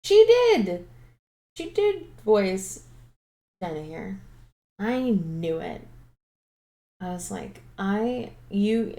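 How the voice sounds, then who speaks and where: Chatty woman streamer, low voice. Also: gravelly, warm tone. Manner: chatty, thinking aloud with restarts. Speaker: streamer playing a game. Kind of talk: casual gaming commentary.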